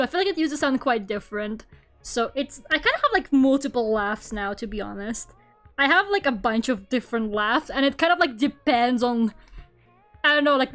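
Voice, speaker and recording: High-voiced young woman with a Russian accent. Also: fairly bright tone. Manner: rambling, laughs often, lots of fillers. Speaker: streamer. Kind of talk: casual chat while drawing on stream.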